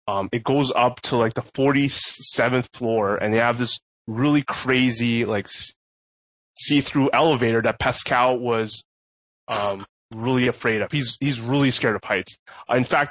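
A man's voice: mid-range voice, a bit bright, no room sound. A man spins a loose, rambling story with plenty of laughter and restarts. His voice sits mid-range and sounds close and dry. There is no room sound around him. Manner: rambling, laughs often, many fillers and restarts. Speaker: podcast co-host. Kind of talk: casual storytelling chat.

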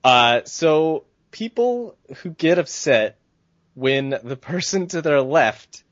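A man's voice: a little high, lively intonation, slow, no room sound. Man ranting hotly on a lo-fi podcast. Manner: heated, profane ranting. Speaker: podcast co-host. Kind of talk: casual podcast chat. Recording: dull, dry lo-fi sound.

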